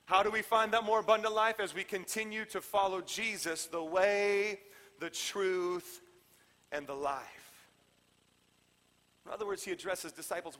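Man preaching, high bright voice, passionate sermon delivery, repeats lines, loud then hushed, long hall echo. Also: moderate pace. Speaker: pastor.

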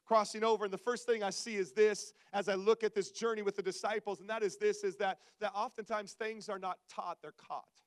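Male pastor, high voice, animated, self-mocking humor, conversational sermon, dry close sound. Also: fairly quick, hardly any pauses, no room sound. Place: church service before a congregation.

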